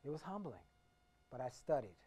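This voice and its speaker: A motivational speaker in his fifties, from the Washington, D.C. area, working a keynote. His voice sits at a middling pitch for a man, and he builds his points through repetition. He drops into near-hushed confession and then surges to booming emphasis. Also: sing-song, normal speed, slightly rough.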